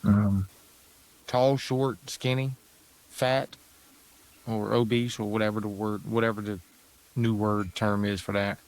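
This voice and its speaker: A man's voice: fairly low pitch, flat delivery, unhurried, pauses often, darkish tone. A man hosting a podcast, talking earnestly in a rambling way with many fillers and restarts. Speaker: podcast host. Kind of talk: casual podcast talk.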